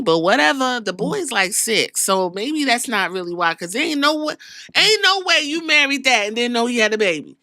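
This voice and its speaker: A woman's voice: on the high side, animated, moderate pace, sharp tone, dry recording, clean studio sound. A woman hosting a podcast, recapping wrestling in a sassy, profane storytelling way and acting out what the wrestlers said. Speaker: podcast host.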